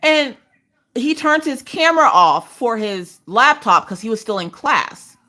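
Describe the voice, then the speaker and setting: A woman in her thirties, her voice on the high side and a little slow, hosts a livestream from her couch while crafting. She chats casually, tells animated stories, and takes on voices for the people she quotes.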